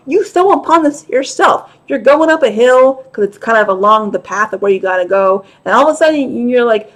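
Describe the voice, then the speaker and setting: A woman's voice: a little high, expressive, normal speed. A woman talking casually to camera as a vlogger, frank and a little profane, with laughing asides. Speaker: vlogger and show host.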